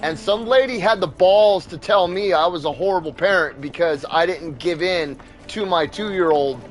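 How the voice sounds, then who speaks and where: A man's voice: high-pitched, moderate pace, faint music behind. A young man and father hosting a gaming video, ranting in a heated, profane, blunt way. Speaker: gaming channel host. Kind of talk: ranting commentary over gameplay.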